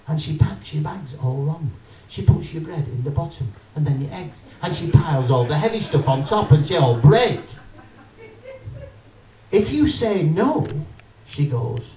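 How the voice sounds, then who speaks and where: Animated stand-up comic, roomy hall. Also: male voice, high voice, takes it slowly. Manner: animated, addresses the audience, acts out voices. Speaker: stand-up comedian. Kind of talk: stand-up routine. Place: live comedy venue with audience. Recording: roomy live venue, mic from a distance.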